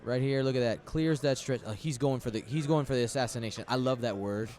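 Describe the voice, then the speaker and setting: A man's voice: mid-range voice, fast talker, darkish tone. A man commentating a tabletop game match live, chatty and thinking aloud, often repeating himself.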